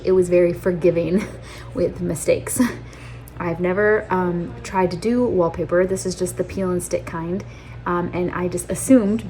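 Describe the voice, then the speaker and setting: A woman talking casually through her home renovation, chatty and quick to laugh, thinking aloud as she works indoors. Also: mid-range voice, darkish tone. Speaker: homestead vlogger. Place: inside a house being renovated.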